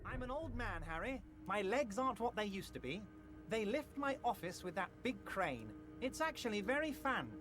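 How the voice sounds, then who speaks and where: An actor voicing a smooth, ingratiating older male union boss in a video game, played over music. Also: sits high, sing-song, normal speed. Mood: schmoozing. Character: scheming jovial old male union boss.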